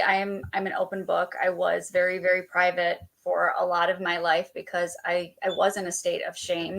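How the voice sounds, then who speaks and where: Meditation lady on a podcast, low gravelly voice, soft and open. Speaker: podcast guest, meditation guide. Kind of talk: casual interview talk.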